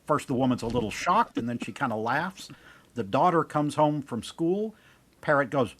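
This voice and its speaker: A man's voice: mid-range voice, animated, moderate pace, fairly bright tone. A man co-hosting a podcast, telling a history anecdote and a joke in casual chat. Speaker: podcast co-host.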